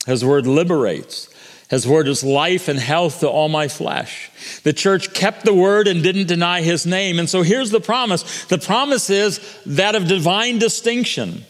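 A man's voice: high voice, unhurried, long reverb tail. A man preaching a sermon as pastor, earnest, restarting and repeating words as he goes.

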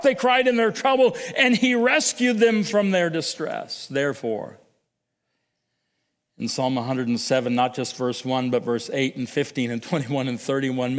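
Male pastor, sermon delivery, higher than average voice, hushed lows to emphatic highs, long reverb of a big hall. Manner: swings from hushed, low reflection to raised, emphatic calls; repeats phrases for effect.

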